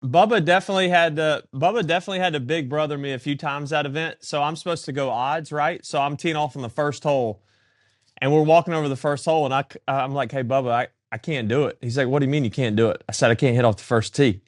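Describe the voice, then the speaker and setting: A man co-hosting a podcast, telling a story in a lively way and acting out what each person said. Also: on the high side, fast talker, dry recording, studio quality. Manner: animated anecdote-telling, acting out dialogue. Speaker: podcast co-host. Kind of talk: casual storytelling chat.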